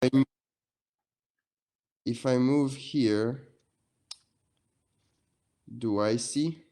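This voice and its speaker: A man's voice: mid-range voice, very slow, dark tone. A man playing in a tabletop game over a voice call, hesitant and thinking aloud. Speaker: player. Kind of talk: casual chat. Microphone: online voice call.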